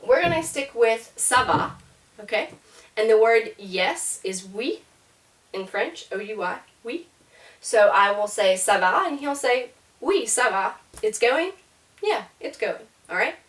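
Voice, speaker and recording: A woman's voice: fairly high pitch, lively intonation, measured pace, a bit bright. A woman teaching a beginner French lesson, explaining step by step with demonstrations. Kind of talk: casual classroom lesson. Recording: roomy echo, voice from a distance.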